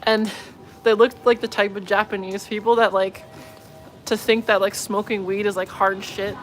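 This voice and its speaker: A woman's voice: medium pitch, little pitch movement, normal speed, slight background noise. A woman vlogger telling a story in casual chat, laughing often and filling her speech with "like". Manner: laughs often, lots of filler "like".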